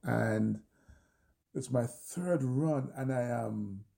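Gravelly Jamaican man telling a story. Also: mid-range voice, very slow. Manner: animated storyteller, acts out his own shouts. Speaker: interview guest. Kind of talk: storytelling interview.

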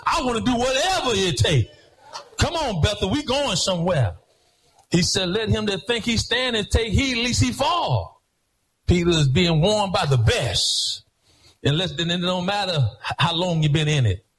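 High-pitched preaching man, singsong and shouted. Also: big pitch swings, normal speed, low-quality recording. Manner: rhythmic preaching, swings between sung and shouted phrases. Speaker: pastor. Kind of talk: sermon. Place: church.

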